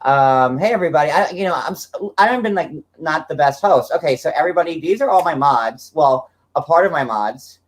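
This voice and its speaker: A man's voice: a little high, expressive, brisk, few pauses. A man in his forties hosting a casual livestream chat, talking in a rambling way, full of "like". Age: 40s. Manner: chatty, fillers of "like" throughout. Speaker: livestream host.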